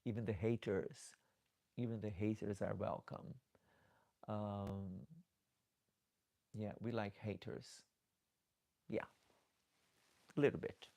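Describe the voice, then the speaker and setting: A man's voice: lowish voice, fairly even intonation, takes it slowly, vocal fry, pauses often, warm tone. A man hosting a casual live stream as a drag performer, chatty and affectionate, who calls his viewers darlings and often repeats and restarts words as he reads their comments aloud.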